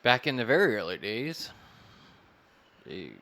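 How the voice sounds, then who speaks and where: A man's voice: medium pitch, big pitch swings, unhurried, a bit bright. A man co-hosting a casual podcast, reading trivia aloud in a laid-back way and swearing freely. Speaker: podcast co-host, son.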